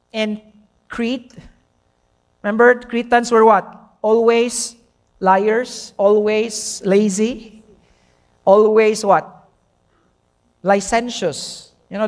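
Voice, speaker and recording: A man with a Filipino accent preaching a sermon as pastor, emphatic and quizzing the congregation with rhetorical questions. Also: extremely high pitch.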